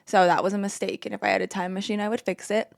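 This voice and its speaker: American woman guest, relaxed and sure of her takes, dry studio sound. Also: medium pitch, quick pace, vocal fry, no room sound. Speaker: newsletter writer guest. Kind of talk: casual chat.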